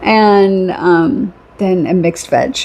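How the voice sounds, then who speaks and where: A woman's voice: fairly low pitch, extremely slow, a little mellow, a little hiss or hum. A middle-aged woman telling a rambling story in a casual vlog, chatty, laughing often and repeating phrases for emphasis. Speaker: vlogger.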